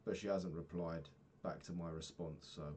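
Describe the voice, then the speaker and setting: Young guy with a really deep voice just rambling about his day, swears a lot, lots of ums, faint hum in the background. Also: fairly even intonation, moderate pace, a little mellow. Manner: rambling, frank, swears casually, many fillers. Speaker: vlogger. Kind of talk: casual daily vlog monologue.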